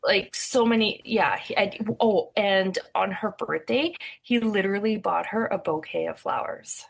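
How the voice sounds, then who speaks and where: Woman co-host, gravelly creaky voice, slow rambling casual chat. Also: medium pitch. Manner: rambling, restarts, laughs along. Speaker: podcast co-host.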